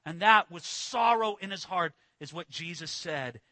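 High, bright-voiced preacher man. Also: expressive, a little slow, no room sound. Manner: dramatic swings from shouting to near-whisper; acts out quoted voices with emphasis. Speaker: pastor. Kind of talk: sermon.

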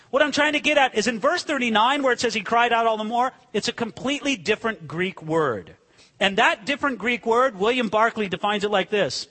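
A man preaching a sermon, swinging between hushed, slow asides and sudden dramatic shouts. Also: high voice, lively intonation, in a large hall. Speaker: pastor.

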